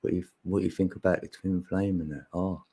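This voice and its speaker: A man's voice: low-pitched, steady tone, a little fast, mellow, slightly rough. A man hosting a live stream, chatting casually and laughing often. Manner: laid-back, laughs often, chatty slang. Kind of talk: casual chat. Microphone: phone.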